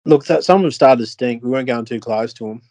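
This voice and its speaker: A man's voice: mid-range voice, fast talker, a little mellow, no echo. A man on a podcast, telling a fishing story in a rambling way, with lots of fillers and restarts. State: tired, yawning. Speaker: podcast co-host. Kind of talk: casual chat.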